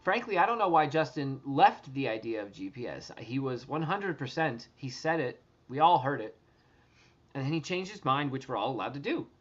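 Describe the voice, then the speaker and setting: A man talking casually to his viewers, rambling and excitable, swearing and restarting his sentences often. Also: mid-range voice, normal speed, highs cut off. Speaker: treasure hunt vlogger.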